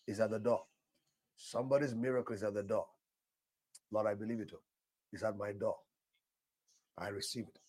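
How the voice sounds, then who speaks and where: A man's voice: fairly low pitch, steady tone, moderate pace, long pauses, dark tone, breathy edge. An older male pastor leading fervent prayer, repeating short declarations and breaking into speaking in tongues.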